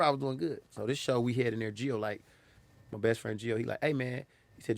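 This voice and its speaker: A man's voice: medium pitch, fast, vocal fry, dry recording. A young man, a comedian, telling stories from his life in a casual chat, acting out the lines of people in them. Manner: animated, acts out quoted lines. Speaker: comedian guest.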